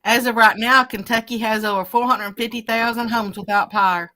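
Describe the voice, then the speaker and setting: A woman's voice: a little high, fairly even intonation, a little fast, sharp tone. A woman co-hosting a live stream, chatting casually and greeting viewers by name as she reads their comments. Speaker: live stream co-host reading chat. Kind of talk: casual chat.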